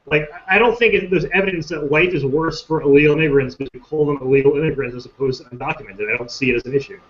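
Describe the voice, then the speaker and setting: A man's voice: on the high side, very fast, slight background noise. A man speaking as a panel guest, casual and matter-of-fact. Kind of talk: casual debate. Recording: lo-fi web stream audio.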